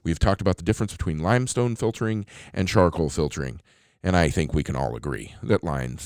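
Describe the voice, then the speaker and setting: A man's voice: sits low, a little mellow, clean tone, no echo, clean studio sound. A man hosting a casual solo podcast, reading sponsor ads with crude jokey asides, lots of fillers and restarts. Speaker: podcast host.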